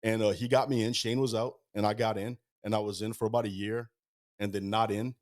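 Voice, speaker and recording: Fast-talking, foul-mouthed man. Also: on the low side, flat delivery. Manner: fast-talking, heavy swearing, rambling anecdotes. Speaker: guest musician. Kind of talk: casual storytelling. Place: podcast studio.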